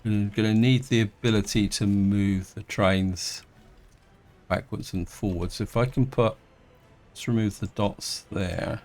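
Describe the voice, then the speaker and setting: This middle-aged man from England plays a city-building game and talks through it in a relaxed, casual way. His pitch is fairly low, and his narration is full of pauses, false starts and hesitant musing over what to do next.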